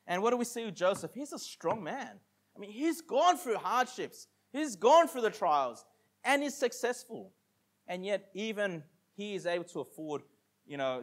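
A pastor preaching a conversational sermon, reading scripture aloud slowly and emphatically between casual asides to the congregation. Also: male voice, high voice. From Australia.

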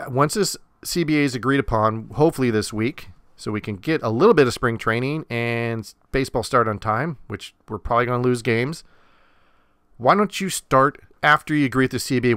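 A man's voice: mid-range voice, sharp tone, clear, resonant tone, dry recording, studio quality. Blunt, fired-up male podcast host. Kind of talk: opinionated solo podcast rant.

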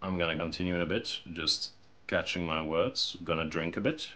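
A man hosting a hobby channel, explaining in a relaxed, casual monologue with frequent ums and restarts. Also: deep voice, normal speed. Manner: relaxed, conversational. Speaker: miniature painting channel host.

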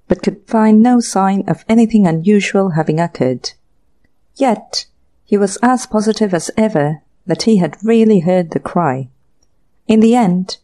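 A woman reads a classic short story aloud in a measured, even storytelling pace. Her voice is mellow and warm. It has the scripted narration of an audiobook. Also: medium pitch.

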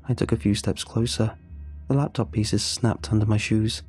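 A man reading a first-person horror story in a steady, measured storytelling voice. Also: on the low side, faint music behind. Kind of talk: scripted horror narration.

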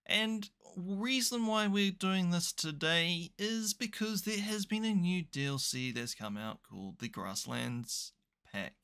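A man's voice: high-pitched, a little slow, bright, forceful tone, clean tone. A young man commentating a management game, chatty and thinking aloud with dry, self-mocking asides. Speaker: gaming YouTuber. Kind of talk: casual let's play commentary.

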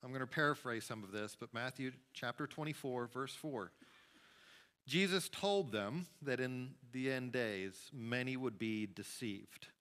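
A man preaching a sermon as pastor, emphatic, with sudden rises and hushed drops. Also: medium pitch, unhurried. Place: church sanctuary.

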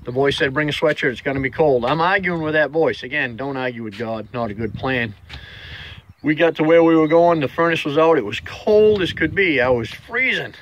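A man's voice: a little high, expressive, moderate pace, lo-fi sound. A middle-aged man hosting a daily motivational vlog, telling stories in a folksy, earnest way straight to the viewer. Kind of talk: casual inspirational storytelling.

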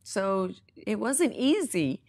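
Woman minister, mid-pitched voice, earnest conversational preaching with scripture stories. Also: sing-song, takes it slowly, a little mellow. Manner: earnest, testimony-style storytelling with scripture.

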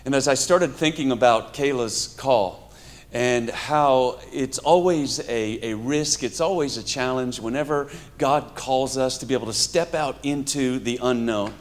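A man's voice: medium pitch, unhurried. A man in his fifties from New York, preaching a conversational sermon with humor and stories, talking to a live audience. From New York, USA. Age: 50s. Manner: humorous, storytelling, addresses the audience. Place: church hall with a live audience.

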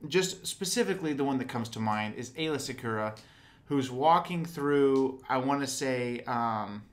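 Man, podcast co-host, casual fan chat, animated, mid-pitched voice. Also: normal speed. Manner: animated, acts out quotes in raised voices.

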